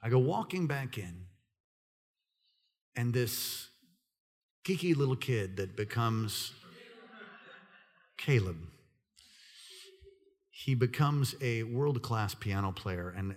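A middle-aged male pastor preaching through a personal story, acting out the people in it and swinging between loud excitement and hushed quiet. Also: medium pitch. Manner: animated, acts out quoted voices, swings from loud excitement to hushed near-whisper. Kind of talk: sermon storytelling.

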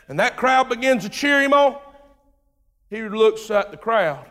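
A pastor preaching an animated sermon, swinging between loud and hushed. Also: male voice, very high voice, moderate pace. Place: church sanctuary. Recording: long reverb of a large hall.

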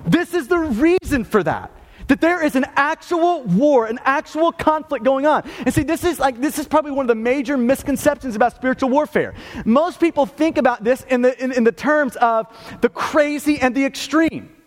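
Male pastor, very high voice, emphatic sermon, stumbles over words, long hall reverb. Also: moderate pace. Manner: emphatic, repeats and restarts words, asks "okay" and "right".

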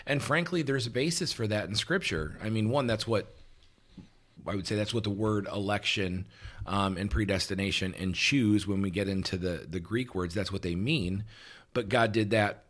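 A man co-hosting a relaxed talk show, explaining points patiently and checking in with "right?" between them. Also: fairly low pitch, moderate pace. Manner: relaxed, with frequent "um" and restarts, laughs easily. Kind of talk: casual teaching conversation.

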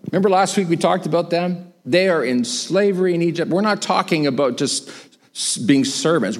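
A man preaching a sermon, retelling a story and acting out the voices of the people in it. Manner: animated, acts out quoted voices with big pitch swings.

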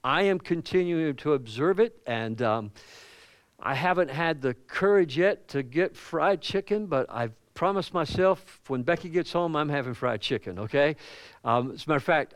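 A pastor with a Southern US accent preaching a sermon in a conversational way, with asides and questions to the congregation. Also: male voice, on the high side, no room sound. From American South.

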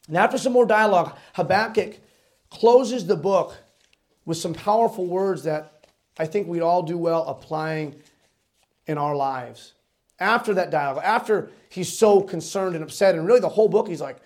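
A man preaching a sermon in an earnest way, repeating words as he builds a point and dropping to a quiet voice for emphasis. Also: sits high, normal speed. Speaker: pastor.

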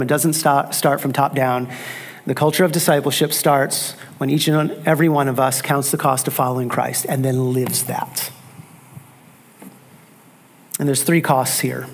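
A man preaching a sermon, emphatic, repeating key phrases and asking rhetorical questions. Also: mid-range voice. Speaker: pastor.

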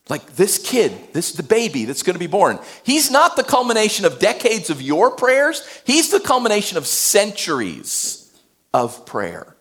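Animated male preacher, lively pitch. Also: unhurried. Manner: animated, swings between loud and hushed. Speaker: pastor. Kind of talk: sermon.

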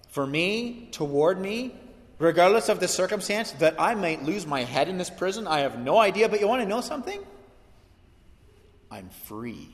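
A man preaching a sermon as pastor, swinging from hushed lines to emphatic ones. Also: a little high, long reverb tail.

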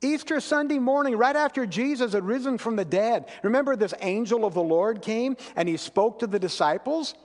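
High-voiced pastor preaching in an echoing hall. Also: male voice, expressive, moderate pace, few pauses. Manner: earnest, storytelling, dropping to quiet intensity. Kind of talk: sermon. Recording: long reverb of a large hall.

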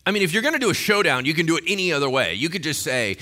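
An animated male pastor preaching with a bright, forceful voice. He jokes and acts out the people in the story, and his pitch swings widely. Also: racing. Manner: animated, jokey, acts out quotes. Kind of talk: sermon.

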